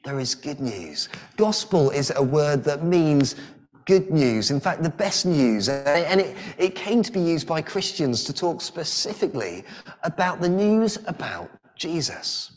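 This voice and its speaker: Earnest preacher, slightly high voice. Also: male voice, sing-song, unhurried. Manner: earnest, frequent repeated-word restarts. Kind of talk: sermon.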